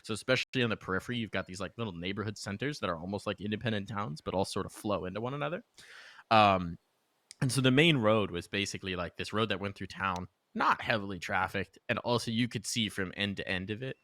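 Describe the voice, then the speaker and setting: A young man calling an esports match as play-by-play caster, energetic and jumping to sudden high exclamations, then chatting casually between rounds. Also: quick pace, no room sound. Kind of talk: excited play-by-play commentary.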